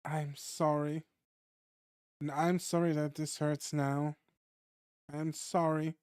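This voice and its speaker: Gentle protective man, calm and soothing, unhurried, smooth clear voice, read by a man playing him. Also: a little high, no room sound, clean studio sound. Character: gentle, protective adult male caretaker in a fight league.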